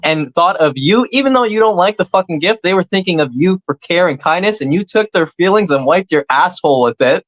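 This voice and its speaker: A man co-hosting a comedy podcast, arguing a mock debate in a blunt, crude, deadpan way. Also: high-pitched, fairly quick, hardly any pauses, no room sound, rough recording.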